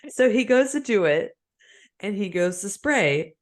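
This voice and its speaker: In an unhurried, mid-range voice, a young woman co-hosting a podcast shares a story over casual chat, full of laughter and acted-out voices from an animated teller.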